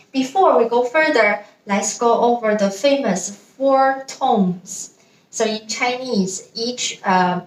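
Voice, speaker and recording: A woman's voice: on the high side, far from the mic, a little hiss or hum. A woman teaching a beginner pronunciation lesson, patiently modeling each sound several times. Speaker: language teacher. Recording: roomy echo, voice a bit off-mic.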